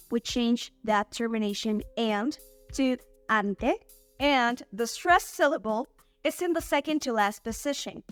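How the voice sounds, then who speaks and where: A woman hosting an online Spanish lesson, saying example words slowly and clearly for learners. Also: fairly high pitch. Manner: clear, slow model pronunciation of words. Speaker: Spanish teacher and channel host.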